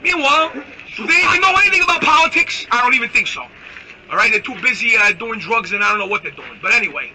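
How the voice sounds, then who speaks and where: A man's voice: very high-pitched, fast, heavy background noise. A man delivering a brash, insulting political rant. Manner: brash, loud, insulting, animated ranting. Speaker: political commentator in a clip. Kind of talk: ranting political monologue.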